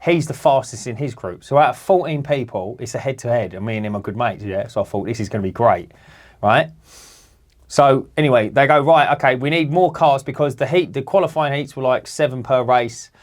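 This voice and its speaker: Man, podcast co-host, animated sweary storyteller. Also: mid-range voice, brisk. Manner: animated, swearing, acts out other people's voices. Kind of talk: casual storytelling.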